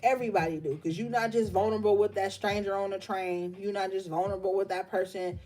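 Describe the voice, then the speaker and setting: A woman's voice: medium pitch, fairly even intonation, fast, a little mellow. A woman hosting a live tarot reading stream, speaking with passion and emotion and swearing bluntly as she encourages her viewers.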